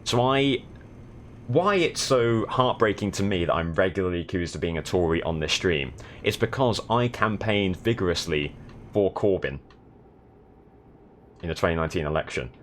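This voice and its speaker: Young guy from the south of england, low voice, dry sarcastic stream chatter, faint hiss behind. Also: lively intonation, moderate pace. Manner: dry, sardonic running commentary. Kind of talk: casual gaming stream chat.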